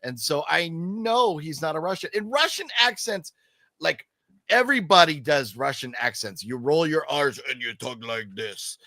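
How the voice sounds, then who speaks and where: A man's voice: a little high, big pitch swings, normal speed, pushed and bright, no room sound, studio quality. A man hosting a casual movie chat, opinionated and emphatic, rambling with restarts. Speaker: podcast host.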